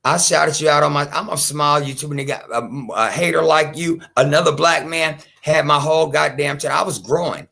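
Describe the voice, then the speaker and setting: A man's voice: a little high, brisk, creaky, few pauses, sharp tone. A man hosting his own stream, ranting off the cuff to his viewers with heated, profane asides aimed straight at a critic. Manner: chatty asides to his audience. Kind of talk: unscripted rant to viewers.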